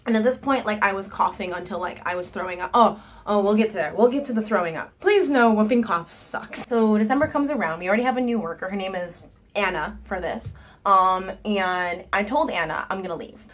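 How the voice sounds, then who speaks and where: A woman's voice: medium pitch, a little fast. Nasal young woman telling a story. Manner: animated retelling with quoted voices. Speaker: vlogger. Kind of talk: casual storytime.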